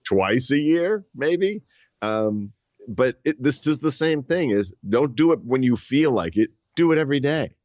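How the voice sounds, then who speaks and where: A man's voice: medium pitch, expressive, darkish tone, dry recording, highs cut off. A man talking as a guest in a casual interview, full of restarts and fillers, from the northern United States. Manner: halting, many restarts and fillers. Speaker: guest author.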